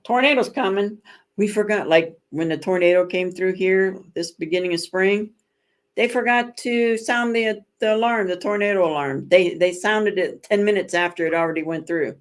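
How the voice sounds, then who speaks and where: A woman's voice: fairly low pitch, moderate pace. A woman hosting a casual livestream chat with viewers, telling stories in a rambling, self-correcting way with dramatic emphasis. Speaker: livestream host.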